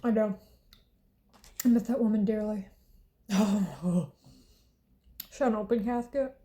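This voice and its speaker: Speaking slowly in a dark, medium-pitched voice, a twenty-one-year-old woman from the Southern United States vlogs while eating. Her talk is casual and blunt, with free swearing and occasional laughs and sighs.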